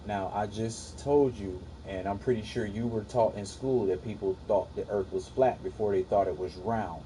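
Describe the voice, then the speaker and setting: A man's voice: lowish voice, normal speed, dark tone, a little hiss or hum, low-quality recording. A young man casually livestreaming, arguing with his chat in a profane, dismissive way.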